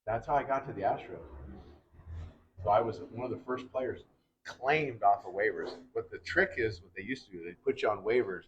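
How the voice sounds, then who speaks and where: A man's voice: on the low side, normal speed, background noise. Older man telling baseball stories. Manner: animated, acts out other people's lines in quotes. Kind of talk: casual storytelling. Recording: dull lo-fi sound.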